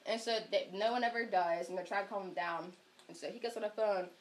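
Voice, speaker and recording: A woman guesting on a podcast, telling a wild story in a casual, animated way and repeatedly insisting that others listen. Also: medium pitch, quick pace.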